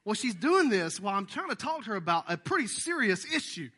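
A man preaching a sermon as the pastor, telling a family story in an animated, conversational way. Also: high voice, normal speed, long pauses, breathy edge.

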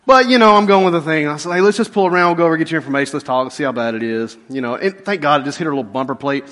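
A middle-aged man, a pastor, telling a funny personal story in a sermon and swinging from loud outbursts to hushed asides. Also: fairly high pitch, racing. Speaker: pastor and police chaplain.

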